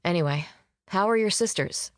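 A woman reading an audiobook, voicing a relaxed young man in a low-key, dryly teasing way. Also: moderate pace, no room sound, studio quality, lightly acted. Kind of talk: audiobook character voice.

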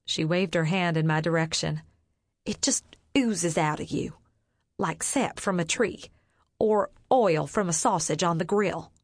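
A woman voicing a stern, sharp-tongued mother who scolds her grown daughter. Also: lowish voice, unhurried, dry recording, studio quality. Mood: scolding.

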